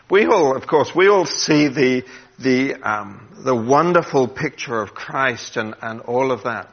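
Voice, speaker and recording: Earnest preacher guy giving a sermon, goes soft and hushed on the quotes, dull lo-fi audio. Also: fairly high pitch, husky. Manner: earnest, drops to a hush when quoting, gets emotional.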